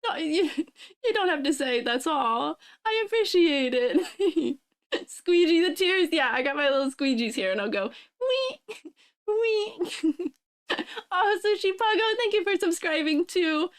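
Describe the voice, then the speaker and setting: Very high-voiced woman crying happy tears. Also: lively intonation, a little slow. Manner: laughing through happy tears, thanking viewers. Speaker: streamer. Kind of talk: casual live-stream chat.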